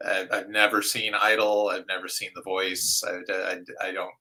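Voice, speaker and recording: A middle-aged man, a guest vocalist, chatting casually in an interview, relaxed, with many fillers and soft trailing phrases. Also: low voice, moderate pace, poor audio.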